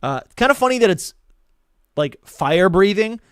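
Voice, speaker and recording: Excitable man with a higher voice. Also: normal speed, smooth, no room sound, clean studio sound. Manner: excitable, stumbles and restarts, reads entries aloud. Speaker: podcast co-host. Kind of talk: casual chat, reading Pokédex entries aloud.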